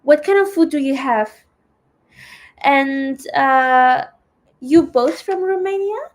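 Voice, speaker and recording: A woman's voice: high-pitched, slow pace. A woman hosting a live trading stream in a casual, chatty way, reading viewer comments aloud and answering them. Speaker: trading livestream host. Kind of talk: casual livestream chat.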